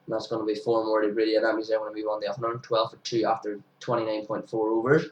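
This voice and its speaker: A young man, sniffly with hay fever, giving casual commentary over his club's cricket highlights and bursting into excited shouts at big moments. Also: fast, lo-fi sound. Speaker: amateur cricket commentator for his own club. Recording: roomy sound, distant from the mic.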